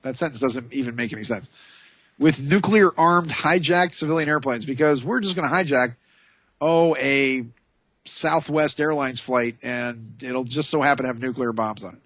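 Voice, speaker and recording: A man's voice: medium pitch, moderate pace, a bit bright, no room sound. A male talk radio host giving a sarcastic, rambling monologue, reading items aloud and adding mocking asides.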